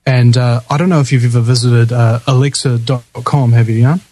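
A man's voice: medium pitch, steady tone, brisk, dark tone, rough recording. Kiwi-accented male talk radio host. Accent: New Zealand. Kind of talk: live talk radio chat.

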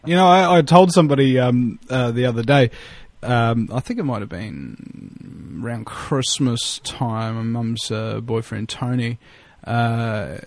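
A man's voice: mid-range voice, expressive, a little slow, creaky, a little mellow, dry recording. A man with a New Zealand accent talking as a radio guest in a rambling, joking way, swearing freely and restarting his sentences often. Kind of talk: casual radio chat.

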